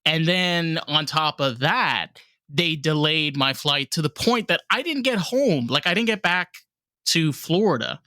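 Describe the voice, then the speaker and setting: A man's voice: on the high side, unhurried, dry recording, studio quality. A man with a New York accent co-hosting a podcast in casual chat, telling stories emphatically and swearing. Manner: animated, emphatic storyteller who swears. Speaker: podcast co-host.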